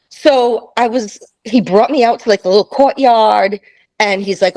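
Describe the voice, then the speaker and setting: A woman in her fifties, a guest, telling a travel story in casual chat, animated and laughing, acting out the voices of people in it. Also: mid-range voice, brisk, poor audio. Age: 50s.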